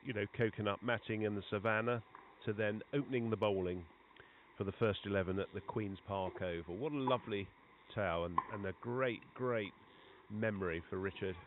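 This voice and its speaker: Commentating live at an outdoor cricket ground, this man talks in a lowish voice at a moderate pace. He chats easily between deliveries and builds excitement when big shots land. The sound is tinny, like a phone line, with noticeable background noise.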